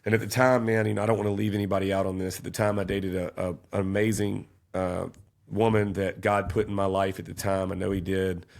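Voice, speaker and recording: A man's voice: low-pitched, level tone, quick pace, gravelly. A man, a podcast guest telling his story in an earnest, casual way and getting worked up as he retells events.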